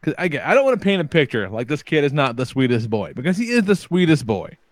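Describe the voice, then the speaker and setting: A man chatting casually as a podcast host, telling profane, animated stories about being a father. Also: fairly high pitch, quick pace, no echo. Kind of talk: casual chat.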